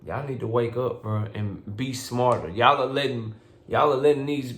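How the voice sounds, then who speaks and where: A man delivers a casual boxing rant in a blunt, profane way, lecturing his listeners to wise up. His voice sits at a mid pitch and carries a noticeable echo from the room around him. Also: moderate pace, a bit bright. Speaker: boxing commentary vlogger. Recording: roomy echo.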